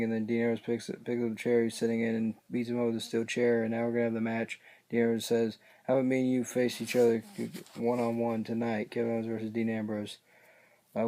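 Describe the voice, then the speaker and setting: A man's voice: mid-range voice, mellow. A man casually recapping a show, rambling and hesitant, often losing his place mid-sentence. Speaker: wrestling reaction vlogger.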